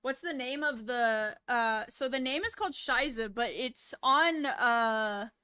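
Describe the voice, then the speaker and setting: Bright, high-voiced woman streamer. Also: measured pace, smooth. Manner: laid-back, swears casually. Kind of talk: casual livestream chat.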